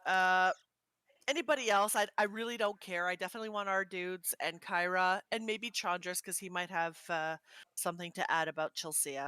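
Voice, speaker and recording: A woman playing a tabletop role-playing game, talking in an animated way and laughing often. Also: fairly low pitch, normal speed, clear, resonant tone, no room sound. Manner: giggly, animated. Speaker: player.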